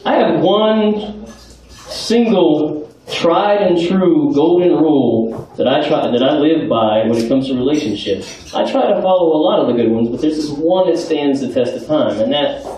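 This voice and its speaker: A young man doing stand-up comedy in a bar, building each joke with deliberate pauses before the punchline. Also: on the high side, animated, dark tone. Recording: echoey bar, far mic, noisy.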